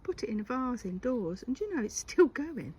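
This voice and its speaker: A woman's voice: a little high, big pitch swings, normal speed, a little mellow, breathy edge, highs cut off. An older woman gives a casual walk-and-talk garden tour. She is chatty and keeps dropping into a whisper. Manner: chatty, often drops to a whisper, coos at her cat. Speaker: gardening vlogger. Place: outdoors in a home garden.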